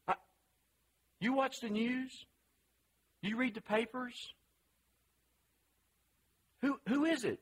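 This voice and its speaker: A man's voice: extremely high pitch, slow pace, pauses often, breathy edge, poor audio. A man preaching a sermon in a conversational, emphatic way, asking the listeners questions.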